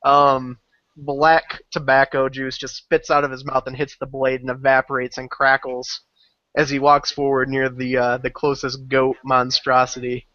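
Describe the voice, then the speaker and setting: Bright-voiced man telling vivid action. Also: medium pitch, monotone, normal speed, no room sound. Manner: vivid, graphic storytelling. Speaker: player. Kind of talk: describing his character's actions in a tabletop game. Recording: dry, dull lo-fi call audio.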